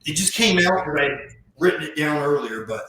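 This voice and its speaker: A man on a podcast as a guest, telling a personal story in a heartfelt, reflective way and slowing down to stress key points. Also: a little high, lively intonation, bright, forceful tone, slight background noise. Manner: heartfelt, reflective, often slows down for emphasis. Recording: very echoey room.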